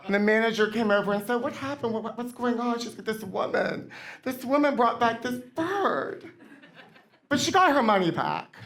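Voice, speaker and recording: A woman with a slightly high, bright, animated voice speaks at a normal speed, performing as a comedy guest in character. Live on a theater stage, she plays a vain and brash pop diva who rambles campily and calls everyone honey.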